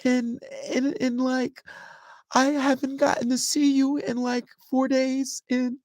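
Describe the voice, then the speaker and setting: A man mimicking a weepy, stressed young woman in a high, whiny falsetto. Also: level tone, takes it slowly, a little mellow, dry recording. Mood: tearful whining.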